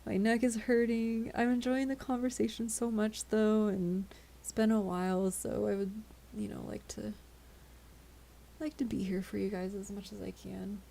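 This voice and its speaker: A woman's voice: mid-range voice, little pitch movement, moderate pace, gravelly, warm tone. A tired woman chatting casually with her viewers on a live stream, giggly and often tripping over her words. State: tired, yawning.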